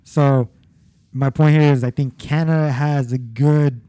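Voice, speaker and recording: Speaking unhurriedly in a smooth, mellow, mid-range voice with a steady tone, this man co-hosts a laid-back sports podcast. He rambles, restarts, swears, and laughs at his own jokes, and there's no room sound.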